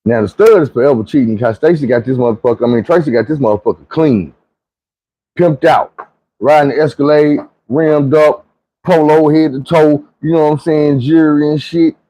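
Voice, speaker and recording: A man's voice: moderate pace, mellow, rough recording. A man telling a comic story in a casual, profane, rambling way. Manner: profane, slangy, rambling, leaps into high squeaky voices for quotes.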